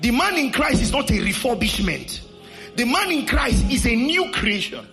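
A male pastor with a Nigerian accent, preaching a sermon to a congregation and leading shouted declarations. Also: very high-pitched, big pitch swings, normal speed, gravelly, soft background music. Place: church hall with congregation.

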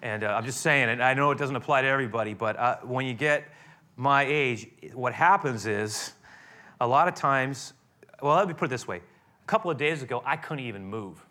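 A middle-aged man preaching a sermon, animated, acting out dialogue with rising intensity. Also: medium pitch, brisk. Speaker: pastor.

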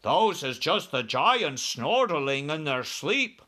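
Gentle storybook giant, slow and good-natured, odd grammar, man voicing. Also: fairly high pitch, very animated, exaggerated voice. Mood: calm, reassuring. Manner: slow, drawling, jumbled words. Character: big friendly male giant, mangled grammar.

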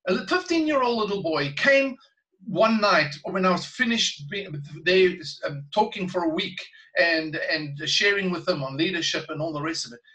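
A man working as a Christian minister, telling a story in an interview in an earnest, animated way and laughing between phrases. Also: high-pitched, low-quality recording. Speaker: Christian minister and guest speaker.

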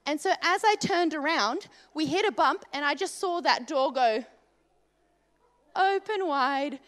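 A woman telling a funny personal anecdote in a casual, animated way, peppered with "like" and comic asides. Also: high-pitched, a little slow. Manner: animated, comic, lots of fillers like "like". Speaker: storyteller.

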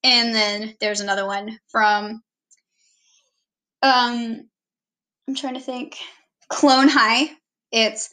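A woman's voice: on the high side, little pitch movement, extremely slow, pauses often, pushed and bright. A woman giving a casual, rambling self-introduction on her vlog, often correcting herself mid-sentence.

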